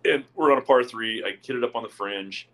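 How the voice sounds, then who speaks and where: On a rough recording, a medium-pitched man speaks briskly while sharing a crude golf anecdote with friends as a podcast co-host. The casual storytelling is animated, packed with laughter and heavy swearing.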